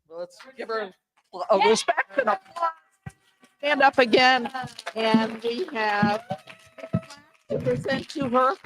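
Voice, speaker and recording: Halting older woman presenting an award. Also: a little high, a little hiss or hum, low-quality recording. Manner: halting, self-deprecating, laughs between phrases. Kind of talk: informal speech at an awards ceremony. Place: live awards event.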